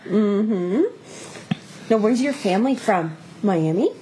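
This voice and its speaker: A young woman co-hosting a podcast, chiming in with blunt, profane remarks and quick agreement. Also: mid-range voice, lively intonation, noisy background. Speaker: podcast co-host. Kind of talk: casual chat.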